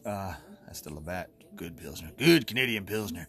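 A man's voice: on the low side, big pitch swings, measured pace, vocal fry. Profane, ranting man in his forties. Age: 40s. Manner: sarcastic, laughing at himself. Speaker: podcast host. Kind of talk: solo podcast rant.

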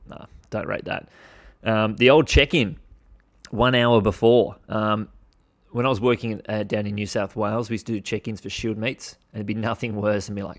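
A low-voiced Australian man with some fry in his voice, talking through his gripes on a casual solo podcast. He is blunt and swears freely, with a mock-exasperated edge. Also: steady tone, normal speed. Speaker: podcast host.

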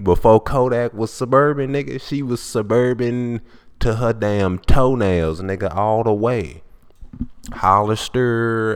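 Gravelly-voiced blunt podcast host man. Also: fairly low pitch. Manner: profane, blunt, preachy storytelling. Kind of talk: unscripted monologue.

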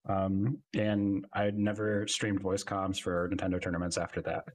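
A man's voice: low-pitched, monotone, normal speed. A man co-hosting a podcast, telling a story in casual chat with fillers. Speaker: podcast co-host.

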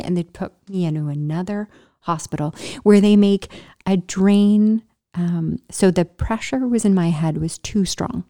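A woman vlogger talks straight to her viewers with a mellow, fairly low voice. She tells her story casually, breaks off mid-sentence, and acts out sound effects as she goes. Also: moderate pace. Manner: animated, makes sound effects, frequent restarts. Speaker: vlogger telling a personal story.

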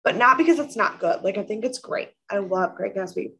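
A woman's voice: medium pitch, lively intonation, fairly quick, fairly bright tone. Thoughtful woman co-hosting a casual podcast. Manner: thoughtful, corrects herself mid-sentence. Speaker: podcast co-host. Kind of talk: casual chat recapping a TV episode.

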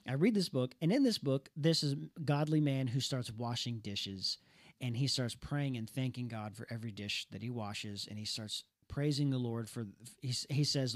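A young man telling a personal story in a casual talk show, earnest and animated, stumbling and restarting as he goes. His voice sits at an ordinary middle pitch. The recording is dry and close. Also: moderate pace, dry recording. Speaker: podcast co-host.

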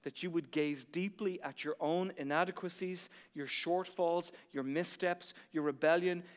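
A male pastor preaching a sermon to his church, building to near shouting and then dropping to soft, intense passages. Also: fairly high pitch, clear, resonant tone, long reverb tail.

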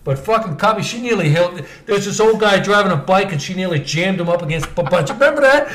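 A man tells stories to a friend on a podcast, loud and profane, acting out every quote. His voice sits a bit higher than most men's. He moves between laid-back recall and bursts of excitement. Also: fast talker, few pauses. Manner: animated, profane, acts out quotes loudly. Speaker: podcast co-host. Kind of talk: casual storytelling chat.

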